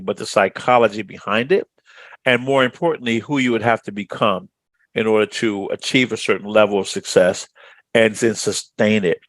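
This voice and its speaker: A man's voice: medium pitch, no echo. A middle-aged man from Chicago, answering interview questions as a speaker trainer in a confident storytelling manner. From Chicago, USA.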